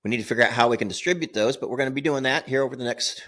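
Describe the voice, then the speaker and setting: An older man hosting a casual podcast, telling animated stories and laughing often. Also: medium pitch, very fast. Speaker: podcast host.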